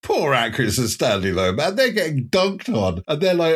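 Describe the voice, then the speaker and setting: A man co-hosting a podcast, animated and joking, swearing casually. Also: a little high, moderate pace, few pauses, husky. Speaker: podcast co-host. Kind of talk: casual chat.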